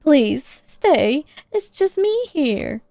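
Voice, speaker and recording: A woman's voice: high-pitched, sing-song, extremely slow, gravelly, mellow, no echo, studio quality, pitched above the performer's own voice, full character voice. A young woman reading the lines of a determined young woman survivor in a firm, matter-of-fact tone. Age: young adult. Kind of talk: reading game dialogue aloud.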